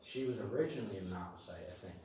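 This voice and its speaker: Distant low man in a very echoey room. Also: lively intonation, rapid-fire, background noise. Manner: tentative, asks for confirmation. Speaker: class participant.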